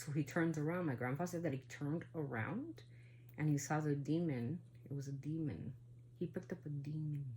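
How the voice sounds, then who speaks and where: Low-voiced woman telling a rambling tale. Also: slight background noise. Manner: rambling, full of asides and "right?"; drops to a hushed, low tone for the eerie parts. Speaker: family storyteller. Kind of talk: casual spoken storytelling.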